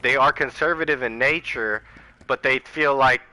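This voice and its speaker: A man's voice: medium pitch, normal speed, sharp tone, poor audio. A man hosting his own channel, delivering a heated, profane political rant and addressing viewers directly as y'all. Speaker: channel host. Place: Arizona home.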